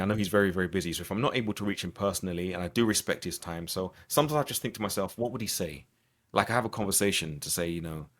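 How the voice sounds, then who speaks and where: A man's voice: fairly low pitch, fairly bright tone. A man being interviewed on a podcast, talking earnestly and reflectively, often restarting his sentences. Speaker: podcast guest. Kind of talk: conversational interview.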